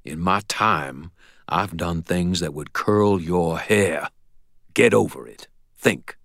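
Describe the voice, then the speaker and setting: Guy doing a grumpy old wizard mentor, growly folksy scolding, deep dry voice. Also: takes it slowly, vocal fry, a bit bright, dry recording, exaggerated voice. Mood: stern. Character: gruff old male wizard mentor, stern and blunt.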